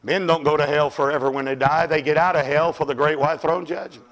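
An older man preaching a fiery revival sermon, shouting high and then dropping to low murmurs. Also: steady tone, fairly quick, a crowd in the background.

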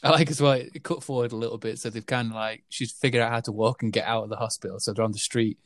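A man's voice: mid-range voice, steady tone, quick pace, dry recording, clean studio sound. A man in a casual film chat, rambling with lots of fillers and restarts.

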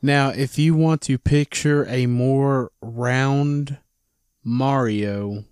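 A man of middle pitch trading wry quips on a podcast. He halts and searches for words with fillers. The sound is dry and close. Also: fairly even intonation, extremely slow, darkish tone, clean tone, dry recording. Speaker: podcast co-host. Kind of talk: casual movie-review chat.

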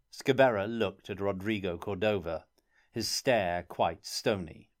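Male audiobook narrator, lowish voice, measured and even delivery.

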